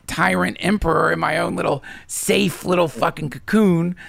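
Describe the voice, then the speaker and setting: A man's voice: a little high, fairly even intonation, normal speed, creaky, fairly bright tone, no echo, clean studio sound. A man talking casually as a podcast guest, swearing freely and swinging his voice up and down as he voices his own thoughts.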